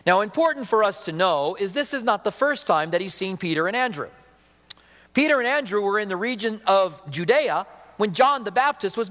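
A man's voice: sits high, a bit bright, in a large hall. A man preaching a sermon in a conversational way, putting questions to his congregation. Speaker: pastor.

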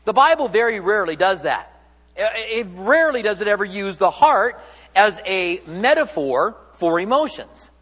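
A man's voice: high-pitched, sing-song, normal speed, fairly bright tone, big-room sound. A man delivering a sermon as a pastor in a church, speaking in a conversational, joking way and often correcting himself mid-sentence.

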